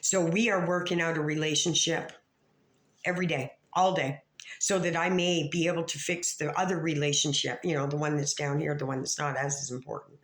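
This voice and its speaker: A woman's voice: sits low, flat delivery, a little fast. Woman ranting in an echoey room. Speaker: vlogger calling out other creators. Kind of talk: rambling profane rant to camera.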